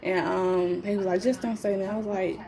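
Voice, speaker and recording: Woman, pregnant, casual first-person storytelling, blunt, defiant, swears freely, acts out other people's voices, mid-pitched voice. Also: moderate pace. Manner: animated, acts out others' lines in shifted voices. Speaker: person telling of her own arrest.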